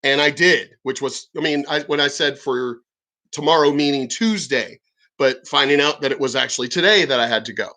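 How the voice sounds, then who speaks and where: A man, a military veteran, rambling in a casual vlog monologue, swearing often, restarting sentences and clearing his throat. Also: mid-range voice, moderate pace, sharp tone.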